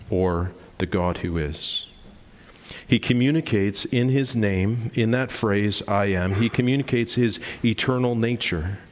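Pastor preaching in a reverberant hall. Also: male voice, medium pitch. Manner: emphatic, rhetorical questions, explains terms plainly. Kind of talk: sermon.

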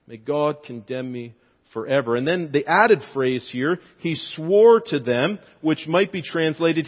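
Man preaching a sermon, fairly high voice, lively, expressive, long hall reverb, dull muffled sound. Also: breathy edge. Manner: expressive preaching, voice rising for quoted lines. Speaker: pastor.

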